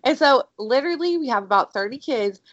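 Excitable woman telling a story. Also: sits high, brisk, no echo. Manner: animated, excitable storyteller, heavy use of "like". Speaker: podcast co-host. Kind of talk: casual storytelling chat. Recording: dry, dull lo-fi audio.

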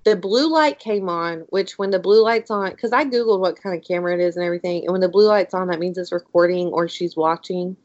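A woman co-hosting a podcast, telling a story in a casual, animated way and saying "like" a lot. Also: on the low side, fairly quick, few pauses, no room sound. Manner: animated, excitable storyteller, heavy use of "like". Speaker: podcast co-host. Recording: dry, dull lo-fi audio.

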